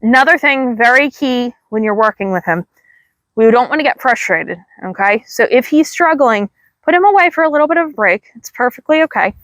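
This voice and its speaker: Calm woman dog trainer, high praise. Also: a little fast, no room sound. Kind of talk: instructional dog training demo. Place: outdoors.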